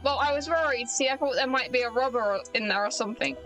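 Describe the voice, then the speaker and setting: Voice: sits high, quick pace, fairly bright tone, poor audio. A British streamer voicing a nervous male bank security guard in a video game, reading his lines plainly over faint game music. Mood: worried. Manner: plain dialogue reading, folksy phrasing.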